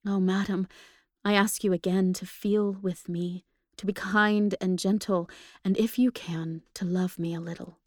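A woman voicing a gentle male ghost who begs earnestly for love, in a slow, beseeching way. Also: medium pitch, steady tone, no room sound, studio quality, close to an everyday voice.

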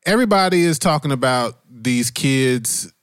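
A man's voice: medium pitch, expressive, normal speed, fairly bright tone, clear, resonant tone, no echo, studio quality. A man co-hosting a casual podcast chat, joking and drawling, leaning into conspiracy talk. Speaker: podcast co-host.

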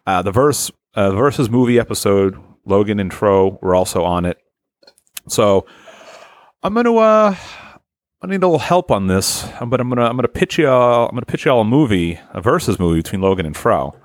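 A young man hosting a comedy podcast, spinning an improvised story with lots of restarts and asides. His fairly low voice swings a lot in pitch, and the sound is dry and close. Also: a little fast, dry recording. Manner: rambling, lively, with frequent filler and restarts. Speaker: podcast host.

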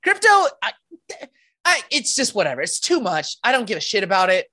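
A man trading jokes on a podcast, playful and mock-serious. His pitch swings widely as he riffs and laughs. The sound is close and dry. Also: very animated, a little fast, sharp tone, no room sound. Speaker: podcast co-host. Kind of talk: casual banter.

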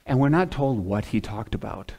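A man preaching a sermon at a middle pitch. He speaks conversationally, poses questions to the congregation and slips into the voices of townspeople to act out the story. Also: lively intonation, normal speed, dark tone. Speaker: pastor.

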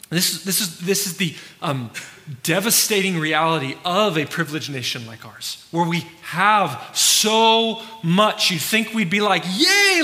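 Pastor, male, slightly high and bright, casual sermon, long hall reverb. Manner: casual, conversational preaching with frequent restarts and fillers.

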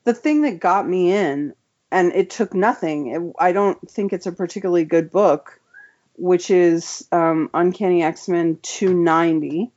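A woman's voice: lowish voice, a little slow, a little mellow. Chatty woman on dull lo-fi audio. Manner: chatty, enthusiastic, many "like" and "um" fillers. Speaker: comic book writer, guest. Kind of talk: casual interview chat.

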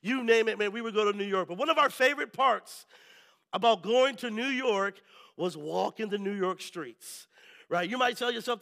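A male pastor preaching a sermon, telling lively stories and often checking in with the congregation. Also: high-pitched, moderate pace, gravelly. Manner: lively storytelling, keeps asking the crowd "right?".

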